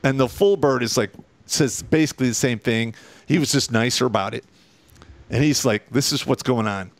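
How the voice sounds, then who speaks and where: A man, a military veteran, telling war stories in a casual, profane and animated way. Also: mid-range voice, moderate pace, no room sound.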